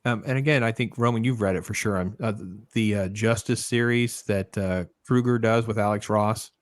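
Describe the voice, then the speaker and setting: A man's voice: on the low side, steady tone, normal speed, no echo, studio quality. A man hosting a casual panel discussion, talking animatedly and acting out scenes in quoted voices. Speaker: podcast host.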